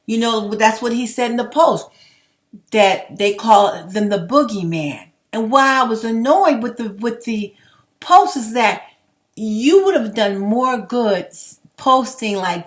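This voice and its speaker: A woman's voice: fairly high pitch, animated, unhurried. A young adult woman giving a heated, rambling opinion rant to her viewers, blunt and swearing freely. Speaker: commentary vlogger.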